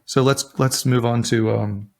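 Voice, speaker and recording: A man's voice: mid-range voice, fairly even intonation, measured pace, gravelly, a little mellow. A man co-hosting a relationship advice talk, speaking earnestly and often restarting his sentences. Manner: earnest, with frequent restarts and repeated words. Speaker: relationship podcast co-host. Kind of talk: casual advice chat.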